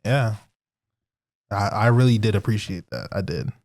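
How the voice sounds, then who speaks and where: A man's voice: lowish voice, animated, moderate pace, a little mellow. Rambling young man on a podcast. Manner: rambling, lots of fillers, laughs often. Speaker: podcast co-host. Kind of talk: casual chat.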